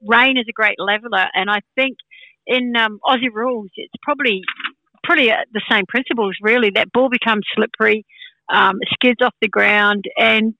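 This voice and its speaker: A woman's voice: on the high side, fairly even intonation, normal speed, vocal fry, sharp tone, dry recording, dull audio. A woman from New Zealand giving casual sports chat as a football pundit, chatty with many fillers.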